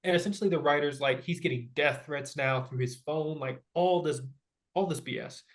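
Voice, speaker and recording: A man's voice: fairly high pitch, normal speed. A man co-hosting a movie podcast, ranting in a casual, exasperated way with lots of fillers. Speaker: podcast co-host.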